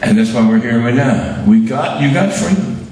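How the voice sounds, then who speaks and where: Brief older man recounting memories with halting restarts and wry humor, heard from afar in a big echoing room. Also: mid-range voice, animated, a crowd in the background. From Birmingham, Alabama. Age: 70s. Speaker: award recipient giving a speech. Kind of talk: reminiscing speech to an audience. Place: large hall at an awards event. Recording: very echoey hall, mic far off.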